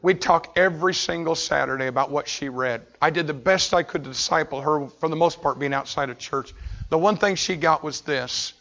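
A man preaching a sermon as pastor, telling a story with intense swings from shouting to hushed tones. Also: a little high, brisk, gravelly, muffled recording.

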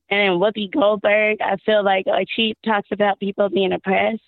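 A woman from Texas calling into a show, her voice hoarse and worn out, rambling and exasperated with frequent laughs. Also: mid-range voice, flat delivery, a little slow, dry recording. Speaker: caller. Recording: tinny phone line.

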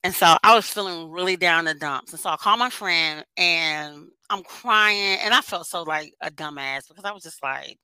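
A woman's voice: mid-range voice, expressive, brisk, bright, forceful tone, clean tone, no echo, rough recording. A woman guest on a podcast, chatting candidly and swearing casually.

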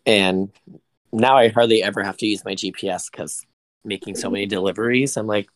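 A man's voice: lowish voice, steady tone, fairly quick, dry recording. A man in casual crude chat, blunt and teasing.

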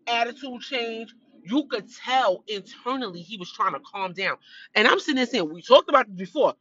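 A woman chatting casually as she recaps a show, telling the story in a gossipy way and clearing her throat from allergies. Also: medium pitch, dull audio. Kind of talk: casual chat.

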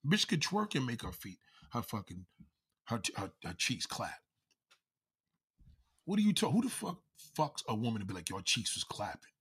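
A man's voice: medium pitch, sing-song, normal speed, pauses often, fairly bright tone, husky. A man giving a heated, mocking, profanity-filled comedic rant to his viewers. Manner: heated, mocking, swears constantly. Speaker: vlogger.

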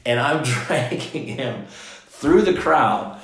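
A podcast host speaks slowly at a medium pitch, his intonation lively. Recorded in an echoey room, he spins a long, meandering story full of restarts and "he's like" asides.

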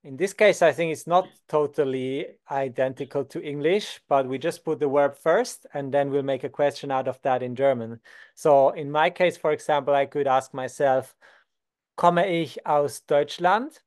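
A young Swiss man teaching beginners basic German, calm and patient, slowing down to model each word. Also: mid-range voice. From Switzerland. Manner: patient, slows down to model words. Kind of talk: beginner language lesson.

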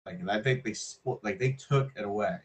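A man's voice: fairly low pitch, fairly quick, noisy background. A man co-hosting a casual podcast, rambling loosely with lots of fillers and a sarcastic streak. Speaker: podcast co-host. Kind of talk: casual chat.

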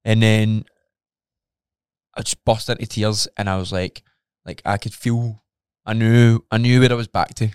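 A Scottish man with a low-pitched, smooth and resonant voice talks in a candid podcast conversation. He tells his story openly and with feeling, swearing freely. The sound is close and dry. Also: little pitch movement, a little slow, darkish tone, no echo. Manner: open, emotional storytelling with frequent swearing. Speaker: podcast co-host.

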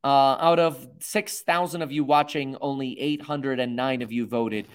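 A man's voice: mid-range voice, brisk. A man hosting a livestream, rambling and self-mocking with lots of fillers. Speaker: host. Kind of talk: livestream commentary.

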